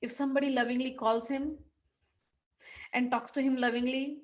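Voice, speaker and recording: High animated woman telling a devotional story. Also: normal speed, muffled recording. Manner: animated, acts out the characters' lines.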